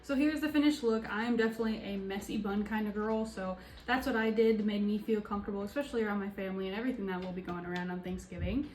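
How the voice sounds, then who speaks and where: A woman's voice: mid-range voice, fairly even intonation, fast talker, darkish tone. A young woman narrating a makeup tutorial in a casual, sassy way, with joking asides. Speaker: beauty vlogger.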